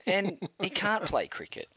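Australian male co-host, lively mocking rant, swears freely, dry studio sound. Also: sits high, husky, dry recording. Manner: animated ranting, mocking, sweary. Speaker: podcast co-host. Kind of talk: casual sports podcast banter.

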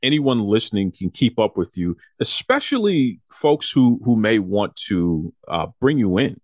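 Low-voiced man hosting an interview. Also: big pitch swings, no room sound, clean studio sound. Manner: admiring, halting with repeated words. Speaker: podcast host.

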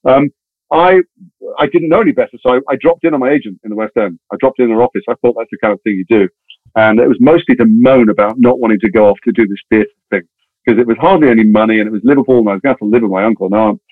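Brief: middle-aged man, quick chatty storyteller, restarts a lot, dry tinny phone-like sound. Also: mid-range voice, no echo. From England. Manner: chatty, many restarts and wry asides. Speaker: guest actor. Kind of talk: anecdotal interview storytelling.

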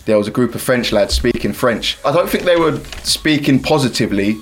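A man's voice: medium pitch, expressive, a little fast. A man telling a casual story in a radio interview clip. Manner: casual anecdote. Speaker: footballer telling an anecdote.

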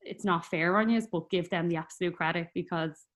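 Woman guest, fairly low pitch, rambling personal story, easy laughs. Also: a little fast. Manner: chatty, rambling, many fillers, laughs often.

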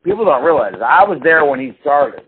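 A man's voice: a little high, very animated, fairly quick. A man hosting a podcast in casual chat, profane and rambling, slipping into exaggerated impressions of people. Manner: profane, rambling, mimics people in big voices. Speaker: podcast host. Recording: phone-like lo-fi call audio with faint noise.

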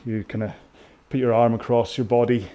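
A man's voice: mid-range voice, fairly even intonation, brisk, mellow, dull audio. A British man coaching a rowing workout indoors, chatting in a rambling, self-mocking way with jokey asides. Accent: British English.

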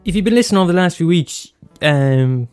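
There's faint music behind this male podcast host, whose voice is a little high, expressive and brisk, with a clear, resonant, darkish tone. Alone on the mic, he rambles casually, cursing freely and restarting his sentences amid lots of fillers.

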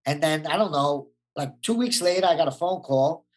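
A man's voice: fairly high pitch, normal speed. Easygoing New man. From New York. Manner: laid-back storyteller, uses "like" a lot. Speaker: guest, actor. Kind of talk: casual interview chat.

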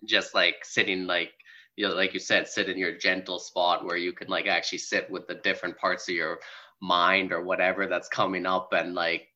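A man's voice: low voice, flat delivery, moderate pace, pushed and bright. A young man hosting a casual spiritual chat, rambling with many "like"s and easy laughs. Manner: rambling, heavy use of "like", laughs easily. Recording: dull lo-fi sound.

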